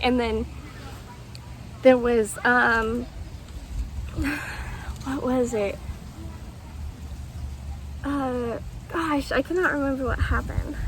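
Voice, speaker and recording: Slow-talking young woman telling a story. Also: fairly high pitch, a bit bright, low-quality recording. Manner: rambling, full of ums and quoted dialogue. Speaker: vlogger. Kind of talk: casual storytelling vlog. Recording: faint background noise.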